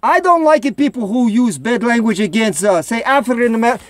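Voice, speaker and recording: Put-on Russian accent, broken English, rambling jokey vlogger, bouncy pitch. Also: expressive, brisk, no room sound, natural voice. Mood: chatty. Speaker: vlog host. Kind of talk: comedic home vlog monologue.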